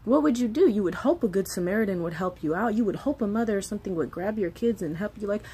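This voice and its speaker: A woman's voice: medium pitch, expressive, fast talker, dark tone, breathy edge. A woman in her thirties, a mother of three, talking candidly and emotionally in a casual vlog monologue, swearing freely.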